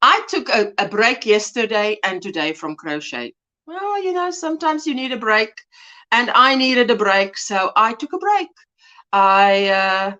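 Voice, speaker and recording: Middle-aged woman hosting a home livestream, from South Africa, bubbly, high voice with big swings. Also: bright, forceful tone. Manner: chatty, greets viewers by name, laughs often. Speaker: livestream host. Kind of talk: casual livestream chat.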